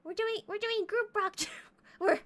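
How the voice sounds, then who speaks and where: A woman's voice: very high voice, fairly even intonation, normal speed, fairly bright tone, voice pushed up. A woman voicing a nervous lizard monster teacher who stammers while reading video game lines. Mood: flustered. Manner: flustered, stammering.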